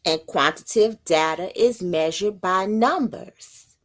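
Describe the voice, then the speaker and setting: A woman teaching as a self-styled prophetess, thinking aloud in a halting way and stopping to read passages out. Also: lowish voice. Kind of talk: slow spoken teaching.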